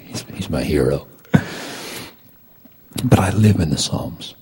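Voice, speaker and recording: A male preacher with a very low, deeply husky voice that sounds worn and breathy. He delivers his sermon slowly and deliberately. He swings between booming declarations and soft, close-up asides. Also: expressive. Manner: preaching, swinging from loud proclamations to hushed intimate talk. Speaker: pastor.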